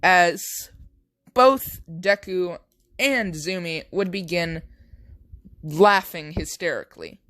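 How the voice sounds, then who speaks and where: A man's voice: high-pitched, expressive, takes it slowly, long pauses, pushed and bright, no echo. A young man casually narrating an improvised fan story, rambling with many fillers.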